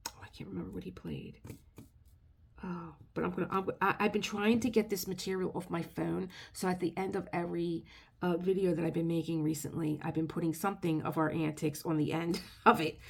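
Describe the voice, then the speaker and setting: Gravelly-voiced chatty woman. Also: low voice, a little hiss or hum. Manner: chatty, rambling, emotional, restarts often. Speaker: craft video creator. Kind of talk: casual storytelling vlog.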